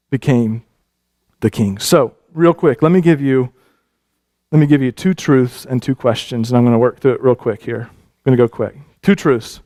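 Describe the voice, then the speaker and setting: A male pastor giving a sermon, telling a scripture story with animated, repetitive phrasing and frequent restarts. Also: mid-range voice.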